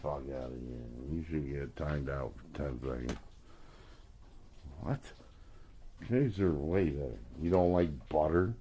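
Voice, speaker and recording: Drunk streamer, very deep voice, slow, crude rambling chat. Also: male voice, warm tone, slight background noise. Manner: crude, swearing, slurred rambling. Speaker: livestreamer.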